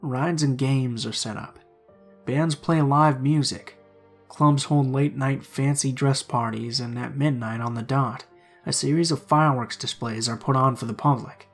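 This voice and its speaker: A man reading true horror stories aloud in a hushed, suspenseful narrating voice. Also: mid-range voice, steady tone, unhurried, soft background music.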